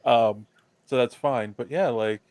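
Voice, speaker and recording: A man's voice: medium pitch, a little slow, darkish tone, dry recording. A man co-hosting a podcast, chatting casually about his setup with many fillers. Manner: rambling, filler-heavy. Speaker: podcast co-host. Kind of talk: casual chat. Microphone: built-in laptop camera mic.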